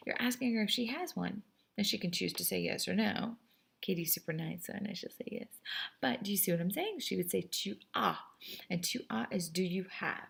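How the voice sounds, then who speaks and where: A young woman teaching a French lesson, her voice going a little hoarse, chatty and teasing, slowing down to model each phrase. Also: medium pitch, animated, a little hiss or hum. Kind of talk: classroom lesson recorded for students.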